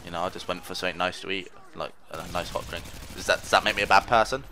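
A man with a low voice rambles through casual gameplay commentary, joking at his own expense and taunting the players he meets. His tone is bright and forceful, with a faint hiss of noise underneath. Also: steady tone, fast. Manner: rambling, self-mocking, trash-talks opponents. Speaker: gaming commentator.

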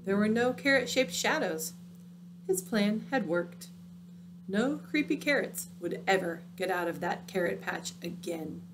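A woman reading a picture book aloud, dramatic and dropping into hushed, spooky tones. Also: medium pitch, expressive, measured pace, background noise. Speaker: storyteller.

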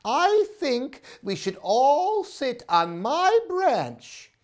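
A woman voicing an anxious, take-charge big sister owlet in a children's picture book, in a high, slow, reassuring voice. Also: sing-song, full character voice. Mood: hopeful.

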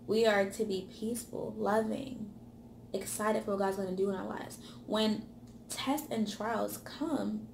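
A woman giving a motivational sermon, stacking repeated phrases for emphasis and dropping to a hush on key words. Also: mid-range voice, gravelly, echoey room, slight background noise. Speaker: ministry speaker.

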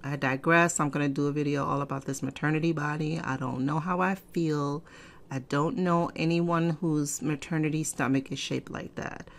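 A woman hosting a casual software tutorial, chatty and digressive, often clearing her throat. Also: deep voice, steady tone, normal speed. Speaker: fashion software tutorial host. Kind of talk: casual screen-recorded tutorial. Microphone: desk microphone.

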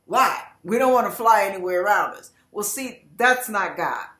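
A woman preaching an emotional sermon, fervent and emphatic, sometimes breaking into loud cries. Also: mid-range voice, lively intonation, moderate pace, reverberant. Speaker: online preacher.

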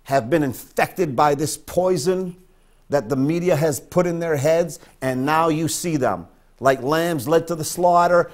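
Man, pastor, sermon, emphatic, repeats for stress, fairly high voice. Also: a little mellow. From northern Maine, US.

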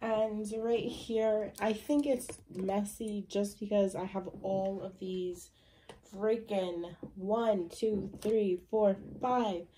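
Slow, chatty young woman vlogger. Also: medium pitch, steady tone, mellow, a little hiss or hum. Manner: chatty, rambling, lots of fillers and likes. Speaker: beauty vlogger. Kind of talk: casual makeup collection tour.

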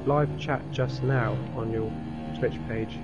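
A man's voice: medium pitch, steady tone, slow, lo-fi sound, loud music behind the voice. A man giving game advice over a call in a rambling, hesitant way.

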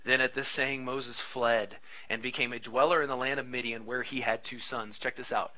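A man in his thirties, a pastor preaching a sermon in a conversational, animated way with frequent asides. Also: mid-range voice, normal speed, low-quality recording.

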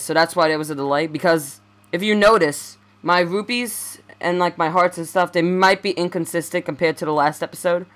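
A man's voice: high voice, fairly bright tone. A young man giving casual let's play commentary, rambling and stammering as he corrects himself.

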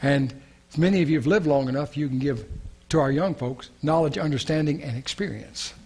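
A male pastor preaching with earnest conviction and prayerful repetition. His voice is husky and rather high for a man. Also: fairly quick, darkish tone. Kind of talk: sermon.

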